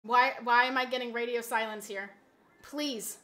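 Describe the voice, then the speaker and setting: A woman streamer in casual live-stream chat, pleading dramatically with her viewers and swinging from soft begging to loud shouting. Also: on the high side, a little slow, long pauses.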